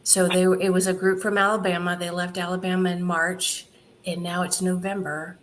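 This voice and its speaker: A woman in an interview telling her charity's story in an animated way, laughing often and quoting what others said. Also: lowish voice, normal speed, a little hiss or hum. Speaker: charity founder guest.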